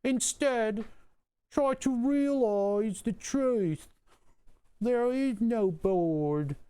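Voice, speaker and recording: A man putting on a slow, solemn mystic boy with a thick accent. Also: very high voice, warm tone, clear, resonant tone, voice pushed up, heavily acted. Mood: cryptic. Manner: slow, drawn-out, cryptic.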